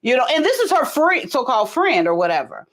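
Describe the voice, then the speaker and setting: Animated high-voiced woman telling stories. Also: fairly quick. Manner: animated, profane, acts out dialogue in high voices. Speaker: host. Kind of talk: casual live chat storytelling.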